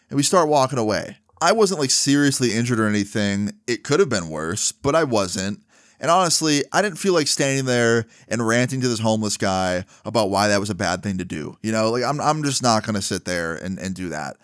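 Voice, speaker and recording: A man's voice: lowish voice, animated, a little fast, clean tone, no room sound, clean studio sound. Casual young man telling a story. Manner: casual, frequent "like" and "right?". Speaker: vlogger. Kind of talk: storytime monologue.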